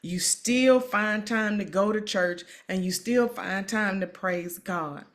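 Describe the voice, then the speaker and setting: A woman's voice: mid-range voice, slow. A woman hosting an emotional interview, encouraging and repeating herself as she talks. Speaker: host. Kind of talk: emotional live-stream interview.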